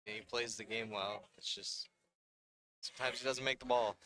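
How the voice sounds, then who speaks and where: Brief co-commentator man, bright voice. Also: mid-range voice, steady tone, moderate pace. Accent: Northeastern Pennsylvania. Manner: brief, matter-of-fact remarks. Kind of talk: live sports commentary.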